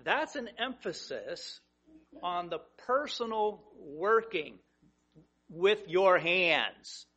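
A man preaching a sermon, telling vivid stories that swing between hushed and emphatic. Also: high-pitched, expressive, extremely slow, muffled recording. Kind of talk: sermon, Bible teaching.

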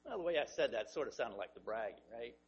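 A man preaching a sermon, telling vivid stories that swing between hushed and emphatic. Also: medium pitch, animated, fast talker, slightly rough, highs cut off. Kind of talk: sermon, Bible teaching.

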